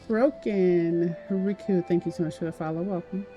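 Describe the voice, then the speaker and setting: A woman's voice: lowish voice, steady tone, normal speed, few pauses, dark tone, soft background music. A woman in her forties chatting casually with her stream chat while gaming, giggly and explaining things to viewers. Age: 40s. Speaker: game streamer.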